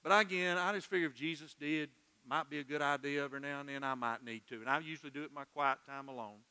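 A middle-aged male pastor preaching a sermon in a church, earnest and emotional, dropping soft and then swelling loud. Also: a little high, fast, clear, resonant tone, long reverb tail. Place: church sanctuary.

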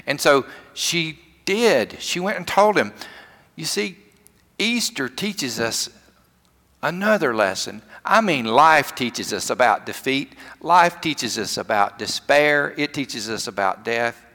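A man's voice: mid-range voice, very animated, slow, bright, forceful tone, long reverb tail. A man with a Southern US accent preaching a sermon, telling a story with emphatic repetition. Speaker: pastor.

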